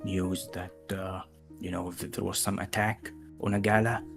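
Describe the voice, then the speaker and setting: A man with a gravelly voice narrating as game master, hesitant with many fillers. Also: low-pitched, level tone, moderate pace, over music.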